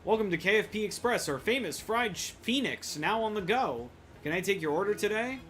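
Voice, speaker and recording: A man playing a peppy fast-food counter clerk from a video game, all cheerful salesy patter in a raised, bright, forceful voice. Faint game music plays behind him. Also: high voice, lively intonation, pitched above the performer's own voice. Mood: chirpy.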